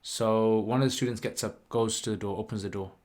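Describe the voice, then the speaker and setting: A man, hosting a livestream and telling a story in a rambling, lively way with lots of fillers. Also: fairly low pitch, fairly quick. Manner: rambling, animated retelling with many "like" and "you know" fillers. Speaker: channel host.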